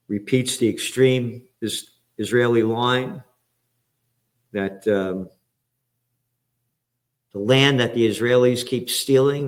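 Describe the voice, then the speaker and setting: A man delivers a heated political rant, cursing freely and dripping with sarcasm. His voice is mid-pitched and ordinary, and he hops restlessly from one item to the next like a host reading through his own headlines. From the Bronx, New York. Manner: profane, sarcastic, heated, jumps between topics. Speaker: commentator and host. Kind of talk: ranting political commentary.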